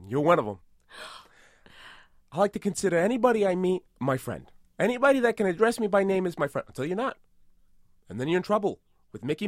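A man doing an impression of a boastful tough-guy movie star, rambling deadpan about absurd things in an improvised comedy podcast. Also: high-pitched, dry recording, clean studio sound.

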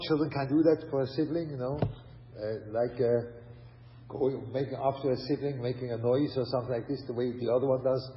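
A man's voice: medium pitch, slight background noise. An older man giving a conversational lecture on raising children, often asking rhetorical questions and mixing in Hebrew and Yiddish terms. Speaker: rabbi and lecturer. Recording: dull lo-fi recording in a hall.

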